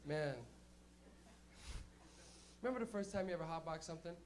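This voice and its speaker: A man's voice: sits high, very fast. A young man doing a loose, swearing stand-up set, acting out quotes as he hosts a small club night. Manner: loose, rowdy, swears a lot, acts out quotes. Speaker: stand-up comedian and host. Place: small club stage with a live audience.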